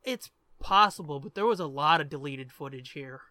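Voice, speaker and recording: Bright-voiced man, joking commentary. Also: a little high, moderate pace, no echo. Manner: joking, profane, asks questions. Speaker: podcast co-host. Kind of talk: casual movie commentary.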